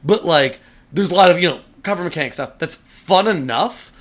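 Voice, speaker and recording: A man's voice: fairly high pitch, expressive, normal speed. A man co-hosting a podcast, chatting casually about video games, joking and swearing freely. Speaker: podcast co-host.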